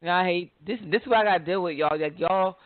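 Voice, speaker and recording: A woman's voice: on the low side, quick pace, heavy background noise. A woman hosting an internet radio talk show, chatting casually, laughing and teasing her co-hosts back with mock exasperation. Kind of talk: casual chat. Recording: phone-like, dry audio.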